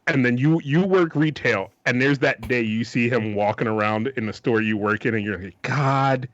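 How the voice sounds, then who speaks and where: A man co-hosting a casual podcast chat, animated and profane, breaking into laughter. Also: mid-range voice, moderate pace, highs cut off. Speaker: podcast co-host.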